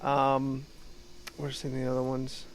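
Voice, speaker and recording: A young man with a New Jersey accent chatting casually as a podcast co-host, rambling and halting with fillers. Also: mid-range voice, completely flat delivery, slight background noise. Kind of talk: casual chat.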